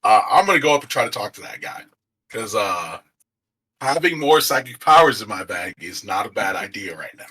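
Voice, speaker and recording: A man's voice: lowish voice, very animated, fairly quick, bright, forceful tone, slightly rough, poor audio. A man playing a tabletop game, chatting casually, repeating himself and swearing. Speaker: player.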